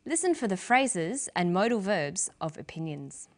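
A woman presenting a scripted English lesson, speaking clearly and carefully as a teacher. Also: on the low side, big pitch swings, unhurried. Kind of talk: scripted instructional narration.

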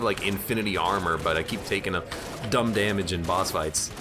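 This video game streamer talks fairly quickly in a low voice. He keeps the gameplay commentary relaxed and full of jokes while chatting with the people watching.

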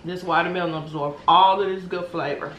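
A woman's voice: fairly low pitch, steady tone, brisk, fairly bright tone, a little hiss or hum. Chatty woman eating on camera, echoey room. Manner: chatty, playful, mouth full, humming between bites. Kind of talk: casual mukbang chat.

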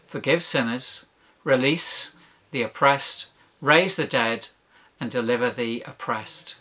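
A man's voice: medium pitch, slow, sharp tone. A man preaching a sermon, emphatic, building points with rhetorical questions and lists.

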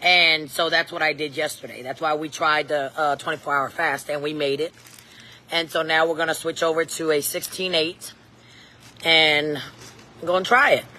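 A woman's voice: low-pitched, steady tone, normal speed, pushed and bright. A middle-aged woman, chatting casually to live-stream viewers and her kids outdoors on a phone. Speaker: vlogger and mom. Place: outdoors at a scenic waterfall spot.

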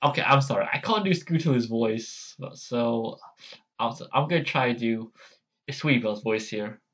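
Slow, hesitant man apologizing for his impressions. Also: medium pitch, a bit bright, lo-fi sound. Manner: apologetic and self-deprecating, hesitant. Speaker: channel host. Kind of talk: casual voice-impression vlog.

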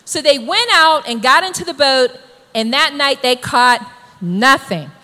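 A woman preacher delivering an emphatic, exhorting sermon that builds to shouted calls to the congregation. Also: sits high, lively intonation, unhurried, big-room sound.

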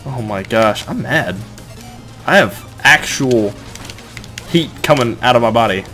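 A young man giving casual gameplay commentary, rambling and joking, with sudden excited outbursts when things go wrong. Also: medium pitch, unhurried, soft background music. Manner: excitable, rambling, shouts in bursts of frustration. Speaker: let's play gamer.

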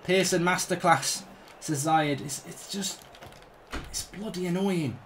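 A man's voice: high voice, a little slow, fairly bright tone, a little hiss or hum. A man commenting live on his own gameplay, ranting and swearing in exasperated outbursts. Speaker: gaming streamer.

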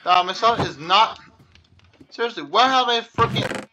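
A man's voice: high-pitched, expressive, moderate pace, pauses often, background noise. A young man commenting on his own gameplay, exasperated and complaining over and over about lost items. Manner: exasperated, repeatedly complaining and ranting. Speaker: gaming channel host.

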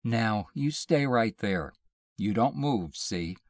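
A man's voice: fairly low pitch, animated, slow pace, dry recording, clean studio sound, pitched above the performer's own voice. Beth, a man voicing a teasing young wife. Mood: coaxing.

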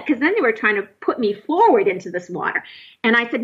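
A woman guest recounting a personal experience in a halting, emotional way, with many fillers and restarts. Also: fairly high pitch, sing-song, a bit bright, breathy edge, muffled recording. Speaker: guest telling her experience.

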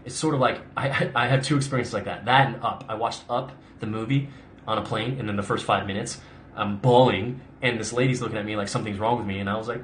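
In a fast, lowish, fairly bright voice, a young actor answers questions during a casual live stream. He rambles in a chatty way with frequent "like" and restarts, and a little background noise can be heard.

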